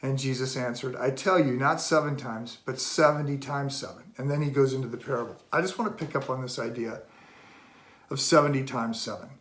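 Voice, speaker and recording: A middle-aged man, a pastor, giving a casual devotional talk and telling a story with animated, acted-out dialogue. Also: fairly quick. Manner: animated, acts out dialogue with rising pitch. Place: relatives' home. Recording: roomy echo.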